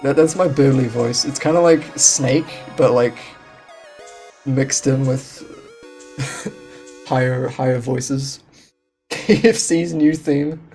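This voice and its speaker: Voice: mid-range voice, slow pace, pauses often, dark tone, soft background music. A game streamer chatting casually on a home stream, rambling with restarts and frequent laughs. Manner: rambling, laughing, self-deprecating. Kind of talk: casual live-stream chat. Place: home room.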